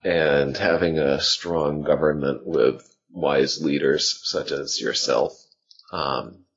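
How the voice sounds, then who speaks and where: A man playing a tabletop game, polite and a touch formal, with plenty of hesitations. His voice sits very low, he speaks slowly, and the audio is dull and lo-fi. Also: steady tone. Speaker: player. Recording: dull lo-fi mic.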